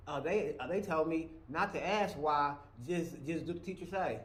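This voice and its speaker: A man's voice: a little high, moderate pace. A middle-aged man co-hosting a casual podcast chat, earnest, often repeating words to drive a point home. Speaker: podcast co-host. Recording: echoey room with faint noise.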